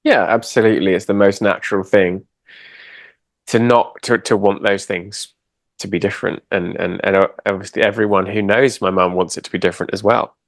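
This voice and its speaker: A man co-hosting a podcast and working with clients, talking in a calm, agreeable, musing way. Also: lowish voice, brisk, no room sound, studio quality. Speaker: podcast co-host and coach. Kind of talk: reflective conversational chat.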